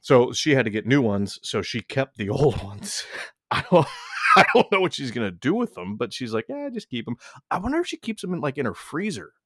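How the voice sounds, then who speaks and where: Brief: young adult male host, crude casual storyteller, rambling, mid pitch, dry close mic. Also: big pitch swings, fairly quick, a bit bright, no echo. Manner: rambling, profane, many restarts.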